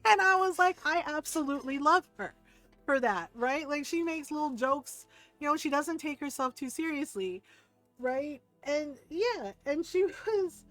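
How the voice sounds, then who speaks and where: A woman's voice: high-pitched, a little slow, faint music behind, poor audio. A woman game streamer chatting casually, telling stories with lots of laughter, swearing and mimicked voices. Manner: animated storyteller, swears freely, laughs often, mimics relatives. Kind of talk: casual chat while gaming.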